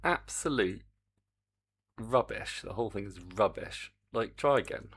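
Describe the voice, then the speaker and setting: His voice is lowish, slightly rough and fairly bright, with lively intonation and a measured pace. He streams his game development as casual coding chat, muttering in exasperation and humming while he works.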